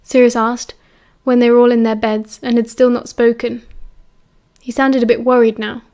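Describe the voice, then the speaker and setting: The clip features a British woman's audiobook narration: steady, controlled storytelling delivered in a somewhat high voice.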